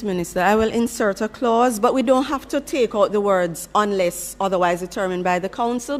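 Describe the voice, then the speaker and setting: A woman in a large hearing room explaining to a committee how a clause will be drafted, formal and precise about wording. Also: medium pitch. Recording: hall reverb.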